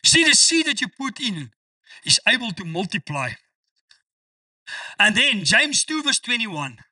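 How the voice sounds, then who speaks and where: A man preaching with a high, very lively voice that swoops up and down as he stresses his points. His tone is bright and sharp, and he sounds a little far from the mic in a dry space. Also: dry recording. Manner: emphatic preaching, quotes scripture with slow stressed delivery. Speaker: pastor. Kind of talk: sermon.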